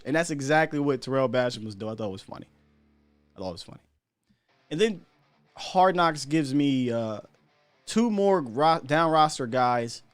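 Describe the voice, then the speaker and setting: A man talks sports in a loose, conversational way, his voice sitting in a middle pitch. He is animated and throws out rhetorical questions. Faint guitar music plays softly behind him. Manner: animated, chatty, asks rhetorical questions, laughs at himself. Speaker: sports podcast host. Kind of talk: casual sports commentary.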